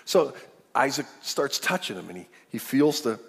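A male pastor telling a story in a sermon, animated and acting out the characters. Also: mid-range voice, moderate pace, creaky, breathy edge. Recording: long hall reverb.

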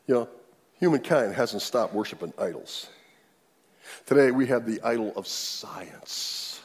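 A man preaching a sermon, animated, his voice leaping up and growing loud when he acts out quotes. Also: medium pitch, long reverb tail. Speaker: pastor.

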